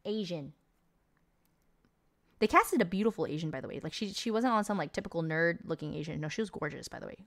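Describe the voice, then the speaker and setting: A woman's voice: fairly low pitch, animated, fairly quick, long pauses. A young adult woman streamer chatting casually, telling a long story in a rambling, incredulous way with lots of fillers. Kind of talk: casual stream chat recapping a movie.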